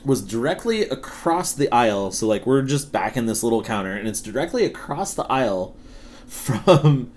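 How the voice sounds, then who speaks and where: A man's voice: mid-range voice, sing-song, normal speed, darkish tone, slight background noise. Profane laughing storyteller man. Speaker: podcast co-host. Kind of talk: casual storytelling chat.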